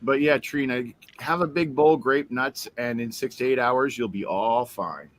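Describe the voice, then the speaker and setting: A man chatting on a stream voice call, telling a lively anecdote and putting on voices for its people. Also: mid-range voice, normal speed. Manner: animated storyteller, voices the people in his anecdote. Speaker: stream guest. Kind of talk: casual chat.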